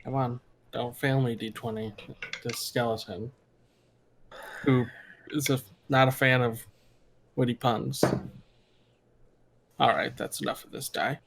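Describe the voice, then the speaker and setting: A man's voice: mid-range voice, steady tone, measured pace, creaky, pauses often, background noise. A man playing in a tabletop game, upbeat and coaxing his dice as he describes his attacks. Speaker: player. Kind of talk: casual tabletop play.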